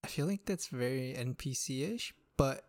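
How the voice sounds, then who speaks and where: Male guest, excitable and loose, swears casually, dry close recording. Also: mid-range voice, a little slow, no echo. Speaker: podcast guest. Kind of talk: casual gaming chat.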